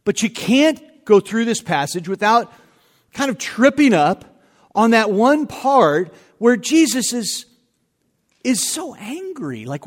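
A man preaching a sermon as pastor, conversational and animated, with self-deprecating asides. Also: very high-pitched, slow, in a large hall.

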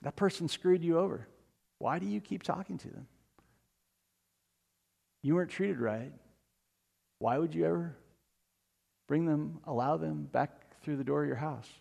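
A man preaching a sermon, retelling a story with lively asides to the congregation. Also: fairly high pitch, unhurried, vocal fry, pauses often, long reverb tail.

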